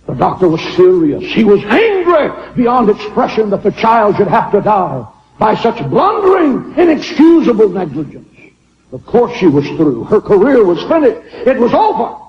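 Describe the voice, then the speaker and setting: A man preaching a sermon, swinging from shouted lines to hushed ones as he tells a story. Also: high voice, in a large hall, highs cut off, a little hiss or hum.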